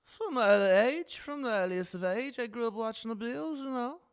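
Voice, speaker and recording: A smug, over-the-top British gent, as a man mocks the accent, his put-on British accent dripping with exaggeration. He talks in a sing-song way, pitched well above the speaker's usual voice. It plays as a joking impression. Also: expressive, a little fast, smooth. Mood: mocking.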